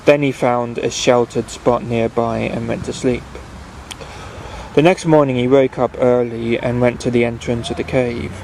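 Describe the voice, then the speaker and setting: Gravelly man reading a bedtime story. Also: mid-range voice, level tone, normal speed, darkish tone, slight background noise, poor audio. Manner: unpolished reading with restarts and fillers. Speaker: reader.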